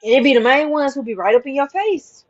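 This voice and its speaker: A woman with a high voice rants casually and animatedly at a quick pace, talking straight into the camera and repeating lines for emphasis. The recording sounds dull and lo-fi.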